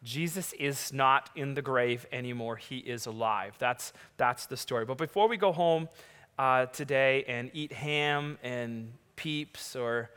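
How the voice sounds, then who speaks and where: A man preaching a sermon, reading scripture and retelling the story in an animated, conversational way. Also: medium pitch, a little slow, clear, resonant tone. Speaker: pastor. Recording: large hall with long reverb.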